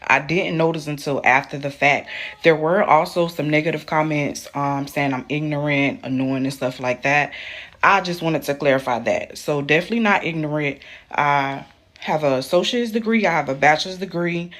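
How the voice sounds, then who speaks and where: A woman's voice: low-pitched, normal speed, a bit bright. A young woman telling a personal story in a casual, matter-of-fact way, with frequent ums. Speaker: storyteller in a clip.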